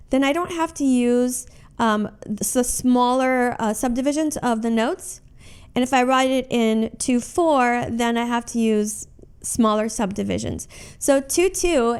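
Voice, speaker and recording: A woman teaching piano and music theory in an online lesson, explaining clearly, counting beats aloud and singing rhythms. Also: fairly high pitch.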